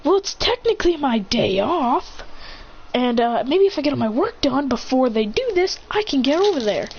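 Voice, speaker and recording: A woman's voice: high voice, very animated, moderate pace, a little mellow, a little hiss or hum, voice pushed up. A woman voicing an eager, easygoing young male ninja leader. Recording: dull lo-fi recording.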